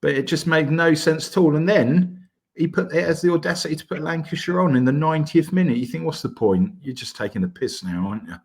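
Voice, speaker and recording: A co-host on a casual football podcast, this man from Bedfordshire, England, speaks a little fast in a husky, fairly high voice. He comes across as blunt, exasperated and crude.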